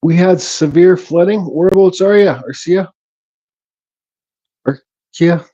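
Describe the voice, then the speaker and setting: A man with a fairly high but mellow voice talks loosely through a livestream, greeting viewers and reading their comments aloud. His speech is relaxed and a bit mumbled, and the sound is slightly dull and lo-fi. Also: moderate pace. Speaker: livestream host. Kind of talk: casual livestream chat.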